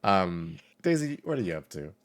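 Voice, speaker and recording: A man's voice: low voice, big pitch swings, moderate pace. A man narrating as game master in a casual, laugh-filled way.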